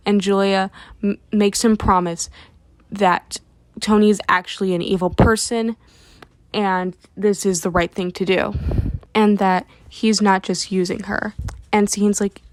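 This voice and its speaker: A woman's voice: mid-range voice, fairly even intonation, a little slow. Woman just recapping a comic, rambly, lots of "and he's like", normal mid voice. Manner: rambling storytelling that relays each character with "and she's like". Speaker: webcomic recap channel host.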